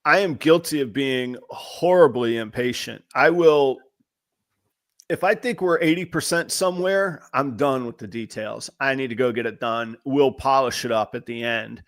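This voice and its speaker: A man's voice: medium pitch, normal speed, a bit bright. A man hosting a podcast, telling candid, self-deprecating work stories and acting out the quotes in them. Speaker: podcast host. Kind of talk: casual chat.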